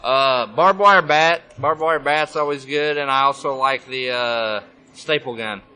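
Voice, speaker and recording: A man's voice: mid-range voice, a little slow, pushed and bright, clean tone, poor audio. A man guesting on a podcast at a convention, swearing a lot and joking as he tells stories. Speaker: pro wrestler guest. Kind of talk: casual interview. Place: busy convention hall.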